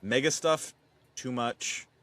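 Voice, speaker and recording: A man co-hosting a podcast, chatting casually with animated, expressive swings in his delivery. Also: mid-range voice, slow pace, no echo. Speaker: podcast co-host. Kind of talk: casual chat.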